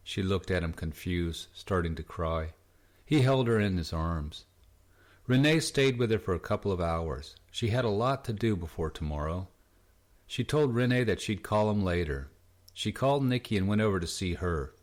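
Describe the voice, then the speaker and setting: Guy with a really low voice reading a book aloud, lots of ups and downs. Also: animated, normal speed. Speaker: audiobook narrator. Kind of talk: scripted narration.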